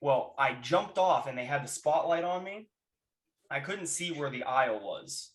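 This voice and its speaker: A man chatting casually on a podcast, telling stories with lively energy and shouting out the lines he quotes. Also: mid-range voice, normal speed. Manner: animated storyteller who shouts out quoted lines. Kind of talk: casual chat, reminiscing.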